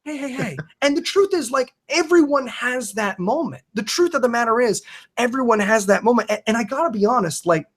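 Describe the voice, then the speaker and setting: High-voiced, earnest man in casual talk. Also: expressive, brisk. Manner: earnest and emphatic, swears freely, frequent restarts. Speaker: podcaster and comedian, guest.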